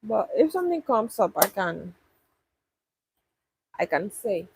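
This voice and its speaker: A woman's voice: mid-range voice, sing-song, takes it slowly, vocal fry, darkish tone, breathy edge, poor audio. A young woman chatting casually with viewers on a livestream, thinking aloud and restarting her sentences. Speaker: livestream host answering viewers. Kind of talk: casual live chat.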